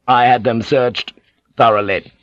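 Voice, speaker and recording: A man voicing a gruff, hot-tempered samurai general who speaks bluntly and with urgency. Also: mid-range voice, fairly even intonation, unhurried, fairly bright tone, no echo, muffled recording, natural voice.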